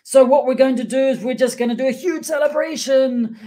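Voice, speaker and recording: A man's voice: very high-pitched, a little fast, mellow. A man hosting a casual livestream for a game studio, talking in a playful, joking and rambling way.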